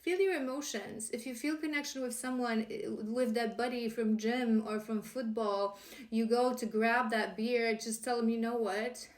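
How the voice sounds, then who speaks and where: A woman with a fairly high voice gives an earnest, encouraging spiritual card reading. She often stumbles and restarts her phrases as she talks. The room around her sounds echoey. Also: fairly even intonation, moderate pace. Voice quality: emotional, laughing warmly at times. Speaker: tarot card reader.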